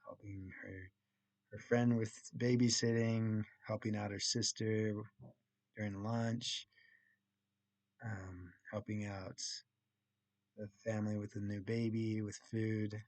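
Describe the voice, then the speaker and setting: A young college guy talks through his week in a casual vlog, walking step by step through a story he heard in class. He takes his time with pauses and restarts. His voice sits a little low and sounds dry and close, with no room around it. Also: level tone, darkish tone, no echo. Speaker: college student.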